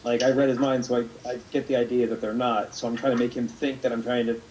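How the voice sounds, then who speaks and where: A man's voice: medium pitch, flat delivery, fast, very noisy. Rambling male tabletop player. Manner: rambling, restarts a lot. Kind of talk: casual tabletop role-play.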